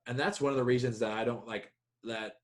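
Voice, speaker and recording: A man co-hosting a casual sports talk show, telling rambling, profane stories with animated energy. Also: medium pitch, fairly quick. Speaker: podcast co-host.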